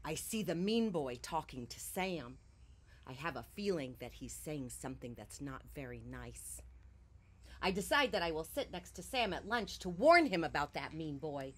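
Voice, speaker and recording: A woman reading a children's picture book aloud on a porch, shifting from hushed whispers to loud outbursts. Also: low-pitched, animated, moderate pace, breathy edge. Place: porch, outdoors.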